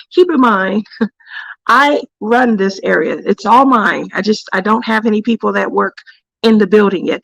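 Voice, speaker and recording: A woman's voice: medium pitch, gravelly, no echo, low-quality recording. A woman hosting a casual craft livestream, telling a work story in a chatty way, laughing often and stopping to greet viewers by name. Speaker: craft channel host.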